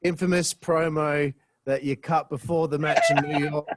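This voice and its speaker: A man's voice: a little high, steady tone, moderate pace, heavy background noise. A man hosting a podcast, asking casual questions and laughing along with his guests. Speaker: podcast host.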